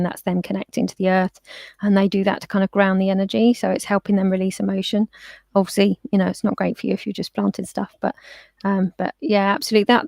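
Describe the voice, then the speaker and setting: In a relaxed interview, this chatty woman, a pet therapist, spins lively anecdotes and mimics the voices of people she quotes. She has a creaky, gravelly mid-range voice, recorded close and dry with no room sound, much like a phone call.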